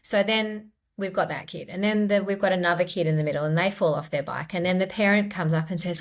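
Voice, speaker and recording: Woman, middle-aged, lowish voice, gentle, explanatory, podcast guest. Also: fast, hardly any pauses. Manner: gentle, explanatory, acts out quoted inner voices. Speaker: clinical psychologist guest. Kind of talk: podcast interview.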